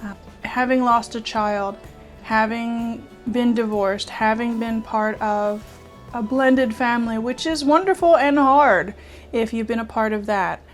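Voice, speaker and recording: A middle-aged woman talking from the heart to her viewers in a personal vlog, halting and earnest, often restarting and close to tears at times. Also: fairly high pitch, soft background music. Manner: earnest, halting, with many restarts and soft laughs. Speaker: art YouTuber and children's author. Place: home studio with painting behind.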